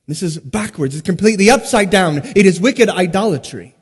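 A man with a high-pitched voice preaches a sermon in a large sanctuary, and his words ring out with a long hall reverb. He swings between loud, emphatic stresses and hushed, slowed drops, often pausing on rhetorical questions. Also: lively intonation, slightly rough. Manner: rhetorical questions and dramatic pauses. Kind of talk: expository sermon.

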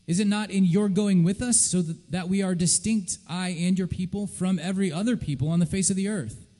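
Man, scripture reading, solemn and measured, slightly high voice, reverberant church hall. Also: steady tone, dark tone. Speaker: scripture reader. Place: church sanctuary.

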